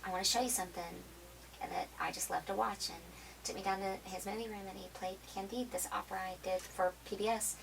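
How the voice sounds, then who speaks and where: A woman from Oklahoma telling stories as an interview guest, lively and quick to laugh. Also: mid-range voice. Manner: lively, laughing, quotes people in acted asides. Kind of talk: storytelling in a casual interview. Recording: distant mic with clear background noise.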